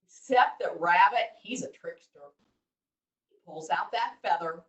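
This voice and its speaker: Animated woman telling kids a story. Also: lowish voice, measured pace, dull audio. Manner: animated, asks the kids questions. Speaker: children's storyteller. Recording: roomy, distant mic.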